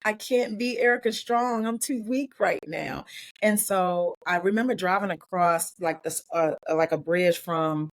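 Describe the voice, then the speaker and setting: A life and business coach from Maryland, appearing as an interview guest, tells a heartfelt personal story. Her voice is on the low side with no echo, and she speaks emotionally, near tears, in quick, earnest bursts.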